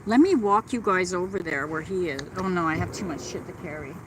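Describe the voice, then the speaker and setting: A woman's voice: fairly low pitch, expressive, a little fast, background noise. A middle-aged woman hosting a casual livestream from a park, chatting and gushing as she answers her viewers, talking into a phone she holds as she walks. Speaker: livestream host. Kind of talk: casual live chat with viewers. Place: outdoors in a park.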